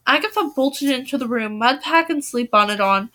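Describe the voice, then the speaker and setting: A young woman with a high, bright voice reads a novel aloud. She gives the dialogue lively emphasis, rising sharply when characters shout. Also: moderate pace. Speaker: reader of a novel.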